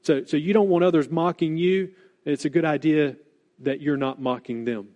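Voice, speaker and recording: A man preaching a sermon as pastor, earnest and deliberate, stressing key words and repeating them for weight. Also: a little high, fairly even intonation, a little mellow, lo-fi sound.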